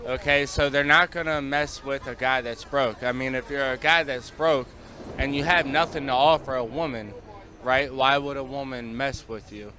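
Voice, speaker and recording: A man's voice: mid-range voice, steady tone, normal speed. A man on a city street answering interview questions in a matter-of-fact way.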